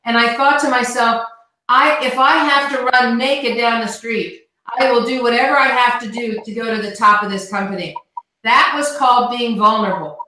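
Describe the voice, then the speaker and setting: A woman's voice: a little high, normal speed, pushed and bright, heavy reverb, poor audio. A woman giving an earnest motivational talk over a video call, often repeating words as she starts a line. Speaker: guest speaker on team call.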